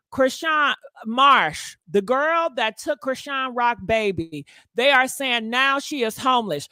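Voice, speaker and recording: A woman with a high-pitched, bright, forceful voice hosts a gossip livestream, recorded dry at studio quality. She chats casually and sassily straight to her viewers, calling them honey.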